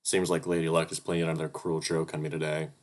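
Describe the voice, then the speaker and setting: A man reading a visual novel aloud and commenting on it, excitable and swearing freely. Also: very deep voice, fast. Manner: excitable, swears a lot, flustered outbursts. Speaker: let's play narrator.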